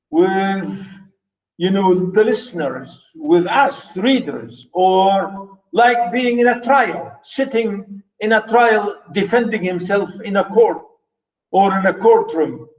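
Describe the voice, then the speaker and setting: Man, literature lecturer, slow, emphatic repetition, rhetorical questions, roomy echo. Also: high-pitched, expressive, a little mellow. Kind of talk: lecture explaining a story. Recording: echoey room.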